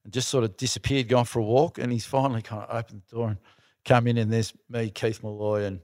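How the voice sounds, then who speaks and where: A man's voice: medium pitch, flat delivery, quick pace, darkish tone, dry recording, clean studio sound. Middle-aged Australian man, podcast guest, rambling yarns, laughs a lot, mid-range voice. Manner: laughs often while telling stories, swears casually. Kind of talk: casual storytelling.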